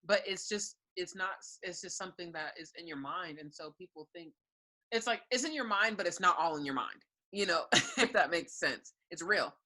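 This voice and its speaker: A young woman with a fairly low voice speaks frankly and earnestly as an interview guest, telling her own story. She sometimes breaks into a light laugh between thoughts. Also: animated, normal speed, bright, forceful tone, rough recording. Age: young adult. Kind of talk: candid personal testimony in an interview.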